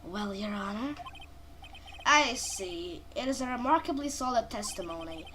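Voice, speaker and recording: A woman voicing a stern elderly male judge in a game, speaking low, formal and deliberate. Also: animated, bright, forceful tone, slight background noise.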